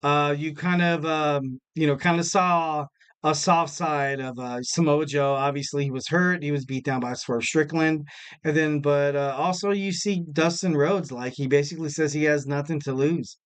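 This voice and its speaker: Man, podcast host, slightly high-pitched, casual rambling, filler-heavy, self-mocking. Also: steady tone, normal speed, smooth. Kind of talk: casual solo podcast talk.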